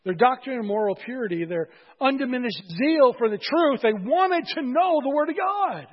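High husky man preaching casually, church hall reverb, dull sound. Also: expressive, normal speed. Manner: conversational, joking with congregation. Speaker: pastor. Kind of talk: sermon.

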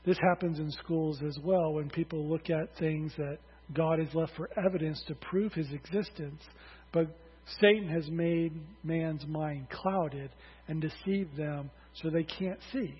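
A male pastor preaches with emphatic rising calls to his congregation. His voice sits high and a little husky. The sound is dull and lo-fi, with a long hall reverb around it. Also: steady tone, unhurried. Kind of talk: sermon.

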